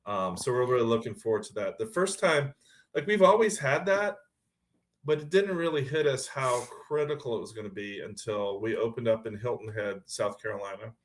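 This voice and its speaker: A man chatting as a podcast guest, telling lively stories and laughing often. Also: mid-range voice. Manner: lively storytelling, quick to laugh. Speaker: guest, pickleball club founder. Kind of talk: casual podcast chat.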